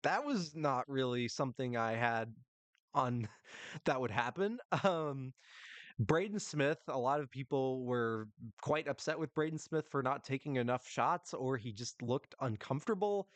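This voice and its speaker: A man's voice: mid-range voice, expressive, measured pace, no room sound. Casual young man rambling about sports. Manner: casual and rambling, with frequent ums and little laughs. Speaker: podcast host. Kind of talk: solo sports podcast talk.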